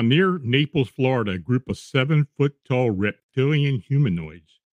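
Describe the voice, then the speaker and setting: A man reading eerie true accounts aloud in a steady, measured storytelling voice, with the odd restart. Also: medium pitch, no room sound. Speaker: narrator reading paranormal accounts.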